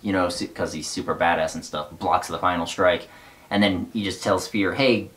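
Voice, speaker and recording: A man's voice: sits low, fairly even intonation, normal speed, a bit bright. A man casually recapping and reading from a novel, rambling with fillers and wry asides.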